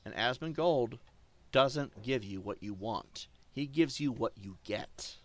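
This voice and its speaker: A male streamer ranting defiantly to his chat, swinging between loud outbursts and low muttering. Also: lively intonation, takes it slowly. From German. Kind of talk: casual stream rant.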